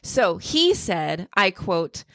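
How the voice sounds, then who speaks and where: A woman's voice: on the low side, big pitch swings, slow, gravelly, fairly bright tone, dry recording. Give me a chatty woman co-host reading quotes on a close, dry mic. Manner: chatty, laughs at herself, reads quotes. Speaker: podcast co-host. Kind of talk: casual political commentary.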